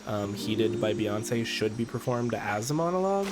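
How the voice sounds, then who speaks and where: A man's voice: on the low side, expressive, moderate pace, heavy background noise. A man streaming a video game, talking casually and campily to his chat with jokey asides. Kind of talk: casual gameplay commentary. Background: game music.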